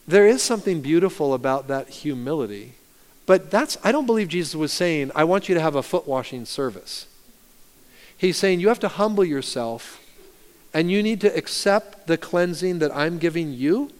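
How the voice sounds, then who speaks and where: A pastor preaching a sermon, animated storytelling that swings from loud to hushed. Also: male voice, a little high, normal speed, smooth. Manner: animated storytelling, rising loud and dropping soft. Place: church sanctuary. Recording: long reverb of a church hall.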